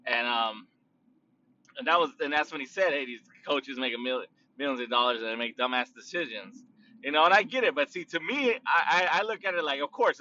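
A man's voice: fairly high pitch, pushed and bright, muffled recording. A man hosting his own podcast, talking casually in a rambling, profane way with many restarts. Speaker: podcast host. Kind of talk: casual solo podcast talk.

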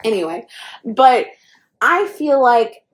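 A woman's voice: a little high, big pitch swings, slow. A young woman in casual chat about a TV show, playful and teasing, jumping from joke to joke. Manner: playful, teasing, jumps between jokes. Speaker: co-host.

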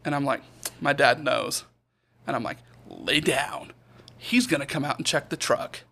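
Speaking a little slowly in a creaky, mid-range voice, a young podcast co-host tells a casual story. He's an animated storyteller who performs the voices of its characters.

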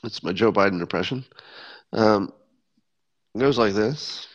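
Speaking on the low side and a little slowly, a man offers offhand solo commentary on his podcast. His tone is sardonic and wry, with frequent sentence restarts, and the audio has a dull, lo-fi quality.

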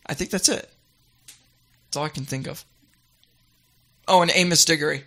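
A woman's voice: low-pitched, normal speed. A young woman co-hosting a casual radio show, teasing her partner and playing to the listeners. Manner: joking, teasing, addresses listeners as ladies and gentlemen. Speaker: radio co-host.

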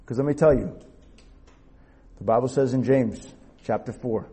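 A man preaching a youth sermon, telling a lively personal story and checking in with his listeners as he goes. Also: mid-range voice, normal speed, breathy edge. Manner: animated storyteller, acts out shouted quotes, rhetorical "okay?" and "all right?".

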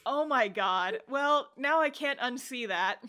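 A young woman co-hosting a casual podcast, retelling scenes in an animated way, laughing often and acting out characters' lines. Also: sits high, slow pace, clean tone. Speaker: podcast co-host. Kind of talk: casual chat.

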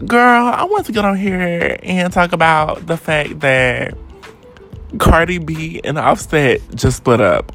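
A woman hosts a gossip vlog in a bouncy, animated voice that rises and falls a lot. She talks at an unhurried pace, full of profanity and sass, and stretches out her repeats for emphasis. Soft music plays faintly behind her. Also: low voice. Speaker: vlog host. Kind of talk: casual celebrity gossip rant.

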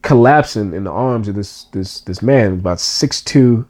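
A man's voice: fairly low pitch, moderate pace, darkish tone. A man co-hosting a podcast, telling a personal story in an earnest, emotional way with casual slang.

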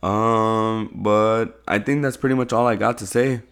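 Laid-back young man, deep voice. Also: fairly even intonation, unhurried, a bit bright, clean tone. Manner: laid-back, slangy, swears freely. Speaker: podcast co-host. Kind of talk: casual podcast chat.

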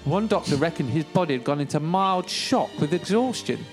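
A man's voice: fairly high pitch, expressive, a little fast, soft background music. Man reading a story aloud wryly. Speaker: podcast co-host reading a memoir.

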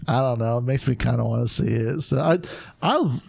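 A man's voice: mid-range voice, brisk, gravelly, darkish tone, no room sound. A man co-hosting a podcast, chatting casually and enthusiastically about movies. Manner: enthusiastic, laughs, loose casual wording. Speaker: podcast co-host. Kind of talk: casual chat.

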